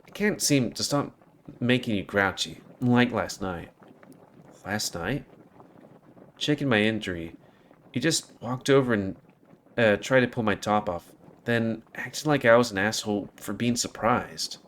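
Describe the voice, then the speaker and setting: A man reading a visual novel aloud with an expressive delivery and hesitant, stumbling asides. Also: lowish voice, measured pace, a little hiss or hum.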